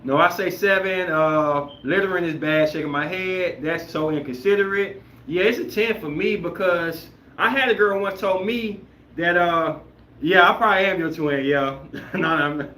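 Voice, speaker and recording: A man hosting a podcast, chatting casually and reacting to viewer comments in an animated, emphatic, rambling way. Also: high-pitched, normal speed, slight background noise. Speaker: podcast host. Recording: roomy echoey room.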